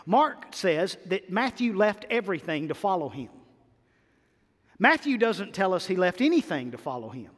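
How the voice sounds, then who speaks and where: A male pastor preaching in a church sanctuary with a high, bright-pitched voice. His delivery swings from loud, emphatic bursts to quiet, stretched-out lines. A long reverb trails every phrase. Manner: animated preaching with sudden loud and soft swings. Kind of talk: sermon.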